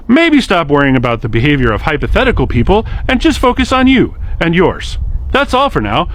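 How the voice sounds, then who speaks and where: Fairly high-pitched and a touch bright, a man speaks straight into the camera as host of a short explainer series on social media. The monologue is scripted, earnest and direct, with a hint of sarcasm.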